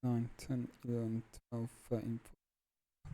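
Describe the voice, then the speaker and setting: A man's voice: mid-range voice, big pitch swings, moderate pace, dark tone. A man livestreaming while he tinkers with electronics, talking to himself in a profane, muttering way.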